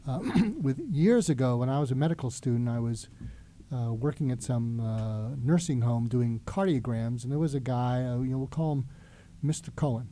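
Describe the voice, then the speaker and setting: A man's voice: mid-range voice, moderate pace, mellow, a little hiss or hum. A middle-aged man, a doctor guest on a talk show, telling a reflective anecdote with frequent fillers.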